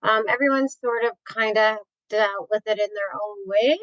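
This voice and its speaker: A woman, talking openly and warmly as an interview guest, with many fillers and restarts. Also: mid-range voice, fairly even intonation, normal speed, no room sound, lo-fi sound. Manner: open, heartfelt, lots of fillers and restarts. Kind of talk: candid conversational interview.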